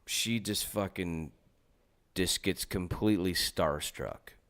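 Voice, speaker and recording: A man's voice: sits low, slow, fairly bright tone. A man talking in a casual podcast chat, telling rambling, profane stories full of restarts and fillers.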